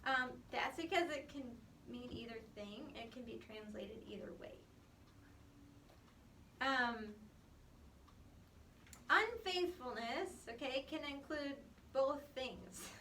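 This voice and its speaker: Captured from across an echoey room with faint background noise, a woman leads a Bible class, explaining and emphasizing points unhurriedly with frequent "um"s and "okay"s. Her voice is high, crisp and sharp in tone, and her manner is emphatic and explanatory.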